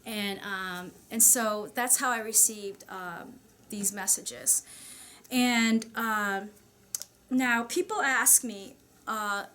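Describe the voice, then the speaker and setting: A woman's voice: mid-range voice, slow, sharp tone. A woman channeler speaking to an audience in a casual, chatty way, full of fillers and small laughs. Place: society meeting room.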